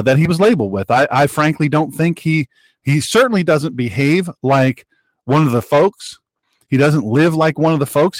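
A man hosting his own broadcast, giving emphatic political commentary with heated repetition. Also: no room sound. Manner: heated and emphatic, with sharp pitch jumps and repetition. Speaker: host of an online broadcast.

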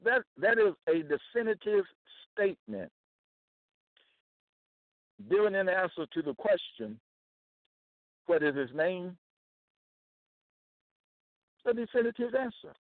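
Speaking slowly and expressively in a high voice, a man teaches from the Bible to camera, pausing often. He hammers key phrases through repetition and keeps checking in with his listeners. The audio has no echo but sounds narrow and tinny.

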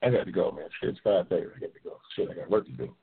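A man's voice: sits low, lively intonation, very fast, husky. Profane trash-talking man, tinny phone line. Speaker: talk show host. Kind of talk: casual live call-in banter.

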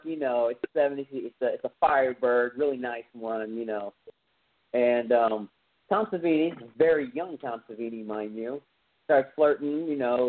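A man hosts a podcast and retells a film scene in a loose, rambling, enthusiastic way, with lots of fillers. His voice sits at a middle pitch. The sound is thin and tinny, like a phone line. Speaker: podcast host.

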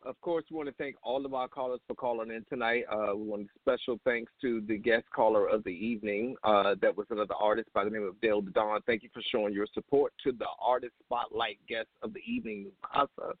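A man's voice: lowish voice, fairly quick, hardly any pauses, no room sound. A man hosting a talk show, thanking callers in a brash, loose way and swearing freely. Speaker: show host. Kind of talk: casual radio sign-off. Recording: tinny phone line, dry.

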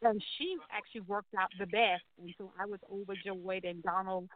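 A woman's voice: mid-range voice, fairly even intonation, normal speed, dry recording. A woman telling her life story as an interview guest, animatedly acting out the voices of people she quotes. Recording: tinny phone-like call audio.

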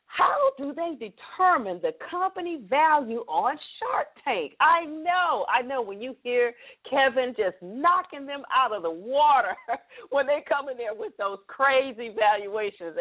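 Middle-aged woman, radio host, chatty and upbeat, higher voice, narrow phone-line audio. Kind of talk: live talk radio monologue.

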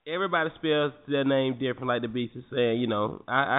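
A man's voice: medium pitch, steady tone, a little fast, few pauses. A man co-hosting a live morning talk show, joking and teasing bluntly in casual banter. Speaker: co-host. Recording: tinny phone-quality line.

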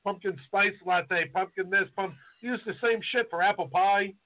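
A man co-hosting a podcast in offhand, casual chat with plenty of fillers. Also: sits high. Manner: offhand, drawn-out, filler-heavy. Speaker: podcast co-host. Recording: tinny phone-like sound.

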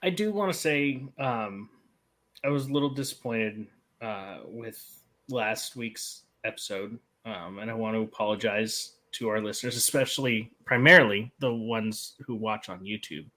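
A man co-hosting a casual podcast, speaking haltingly and mock-earnestly with lots of ums. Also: lowish voice, pushed and bright. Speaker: podcast co-host.

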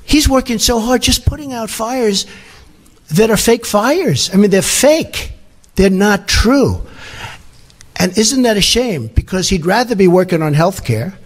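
A man's voice: sits high, expressive, measured pace. A man speaking at a press conference in a rambling, emphatic way.

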